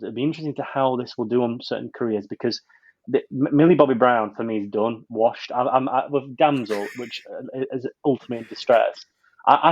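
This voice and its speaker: A man's voice: medium pitch, muffled recording. A man reviewing a film on a podcast in casual chat, rambling with many restarts.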